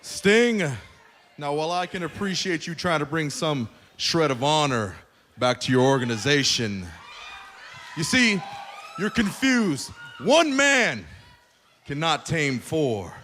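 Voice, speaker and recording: Taunting man with a lively, high voice. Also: slow pace, pauses often, a little hiss or hum. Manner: menacing, taunting. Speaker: wrestler cutting a promo. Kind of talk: threatening in-ring speech.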